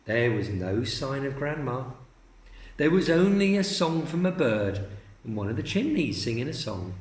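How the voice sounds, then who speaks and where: A man teacher reading a children's story aloud in a slow, expressive storytelling manner. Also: medium pitch, roomy sound.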